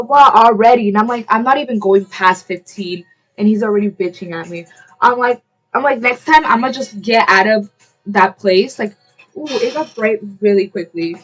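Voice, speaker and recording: Rambling young woman's storytime chat. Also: a little high. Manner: rambling, heavy use of "like", self-interrupting; quick to apologize, chatty asides to camera. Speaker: vlogger. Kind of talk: casual storytime while getting ready.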